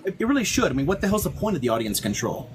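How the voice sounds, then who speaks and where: A man chatting casually as a guest on a live stream, talking in rapid bursts with stumbling restarts. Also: fairly high pitch, very animated, crowd noise, rough recording. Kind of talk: casual chat.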